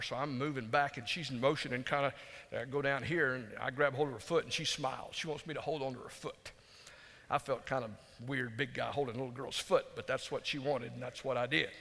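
A man preaching a storytelling sermon in a folksy, conversational way, dropping to hushed tones for emphasis. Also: mid-range voice, creaky. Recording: long hall reverb.

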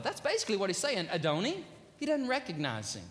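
A pastor preaching a sermon in a large church, quoting scripture with a preacher's rising cadence. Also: male voice, sits high, wildly swooping pitch, quick pace, a bit bright. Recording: church reverb.

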